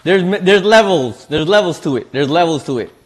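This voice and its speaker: A relaxed male streamer chatting while he snacks, his voice sitting a little on the high side. He talks in easygoing slang and often doubles up his words as he goes. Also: a little fast. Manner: laid-back, slangy, repeats words. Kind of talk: casual chat while eating.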